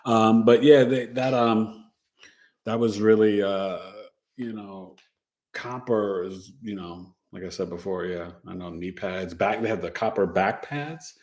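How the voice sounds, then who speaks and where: A man's voice: on the low side, measured pace, a little mellow. A middle-aged man hosting a casual astrology livestream, chatty and playful, reading viewers' charts and dropping in Spanish words.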